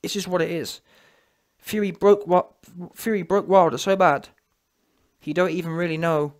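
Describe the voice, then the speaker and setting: Guy ranting on his channel, high voice, mocking, keeps going "yeah?". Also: fairly even intonation, normal speed. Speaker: vlogger. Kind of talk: ranting monologue to camera.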